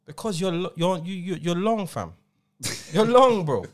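A man's voice: high voice, moderate pace. A man in his forties with a London accent, co-hosting a podcast and telling stories in casual chat, acting out quotes in slang. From England. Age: 40s. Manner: animated storytelling, acts out quotes in slang. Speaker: podcast co-host and DJ.

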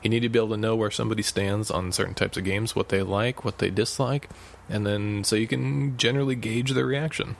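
A young man co-hosting a podcast, agreeable and chatty, tired and quick to laugh. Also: on the low side, steady tone, vocal fry, a little hiss or hum. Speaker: podcast co-host. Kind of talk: casual chat.

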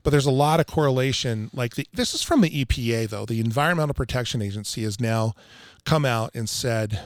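A man's voice: mid-range voice, a little fast, hardly any pauses, dry recording, clean studio sound. A man talking casually as a podcast guest, pressing his points hard and repeating phrases for emphasis. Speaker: water filtration installer, guest. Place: Utah.

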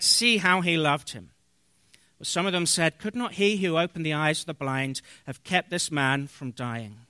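A man with a high, bright voice preaches a sermon, reading scripture aloud and explaining it in an earnest, unhurried way with pauses and small fillers. The sound is close and dry. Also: no room sound. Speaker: pastor.

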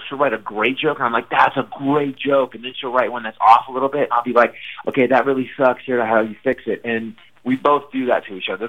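A comedian being interviewed on the radio, telling stories in a lively way and acting out quotes with big jumps in pitch. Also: male voice, phone-quality sound. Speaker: comedian guest.

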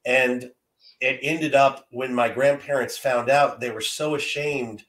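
A man's voice: medium pitch, steady tone, measured pace, a bit bright. A man in his fifties telling a heartfelt personal story as a guest, earnest and often repeating words as he gathers his thoughts. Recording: roomy echo.

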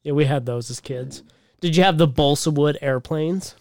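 A man's voice: fairly high pitch, normal speed, gravelly, dry recording, clean studio sound. A man co-hosting a podcast, teasing his friend with profane rambling stories in casual chat. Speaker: podcast co-host.

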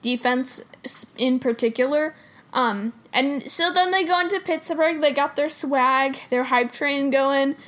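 A woman's voice: sits high, a little slow, a bit bright. A woman co-hosting a casual sports chat, chatty and playful, breaking down games. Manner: chatty, giggly, interrupts playfully. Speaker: podcast co-host.

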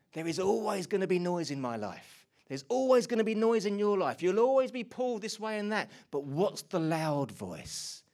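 A man preaching a sermon, moving between hushed, intimate lines and loud, energetic bursts. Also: a little high. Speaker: pastor.

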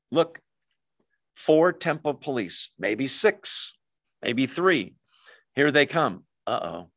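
A man preaching a sermon to his congregation, telling the story in a chatty, animated way with quick asides to listeners. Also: fairly high pitch, dry recording, clean studio sound. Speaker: pastor.

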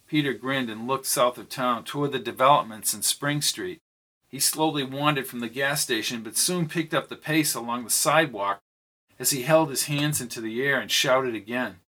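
Bright-voiced man narrating a story. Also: moderate pace. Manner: reads dialogue with lifted pitch for characters. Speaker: audiobook narrator. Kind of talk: scripted narration of a novel.

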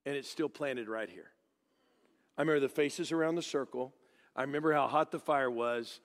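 A man's voice: mid-range voice, moderate pace. A middle-aged man from Dallas, preaching a joking, storytelling sermon to a congregation. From Dallas, Texas. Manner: joking, animated storytelling with acted-out voices. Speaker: guest preacher. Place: church sanctuary. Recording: reverberant church hall.

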